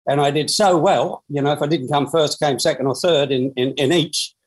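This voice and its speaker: An Australian man in his sixties, a former footballer, tells his story in an interview, lively and full of restarts and fillers. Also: a little high, normal speed, breathy edge, rough recording.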